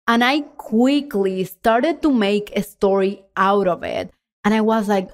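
A woman's voice: medium pitch, unhurried. A middle-aged woman from Puerto Rico with a Puerto Rican accent, a podcast host telling a personal story in an earnest, conversational way and speaking straight to the listener. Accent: Puerto Rican Spanish.

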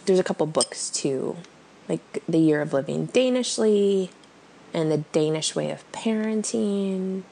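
A woman's voice: fairly low pitch, lively intonation, measured pace, vocal fry, mellow. A woman co-hosting a podcast in casual chat, telling stories and laughing often. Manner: chatty storyteller, laughs often. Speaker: podcast co-host.

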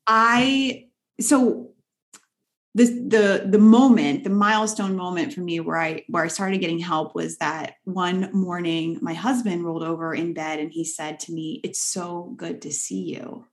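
A woman guest in a conversational interview, telling her story in an earnest, animated way. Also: fairly low pitch, measured pace. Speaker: guest, leadership author.

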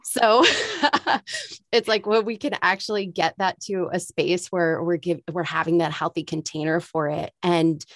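Woman podcast host, emotional and gushing, lowish voice, dry close mic. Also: animated, measured pace, no room sound. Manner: effusive and warm-hearted, laughs often. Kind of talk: podcast interview.

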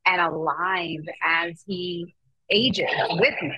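A woman's voice: lowish voice, fairly even intonation, slow, sharp tone, breathy edge, no echo, low-quality recording. A woman in her forties hosting an interview in an affirming, faith-filled manner. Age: 40s. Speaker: host. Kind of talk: casual interview.

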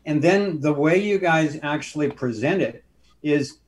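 Earnest, slightly high-voiced male guest. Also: unhurried, a little hiss or hum. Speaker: guest, filmmaker. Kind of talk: conversational interview.

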